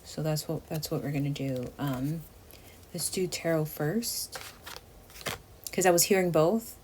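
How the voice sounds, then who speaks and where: A woman's voice: sits low, unhurried. A woman giving a casual tarot reading to her viewers, chatty and emotive, often dropping to a near whisper. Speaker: tarot reader. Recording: steady background noise.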